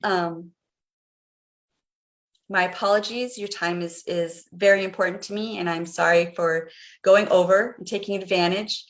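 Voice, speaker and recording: A woman's voice: lowish voice, fairly even intonation, a little slow. A middle-aged woman coaching viewers on a live stream, guiding them through a visualization in an earnest, repetitive way. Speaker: life coach.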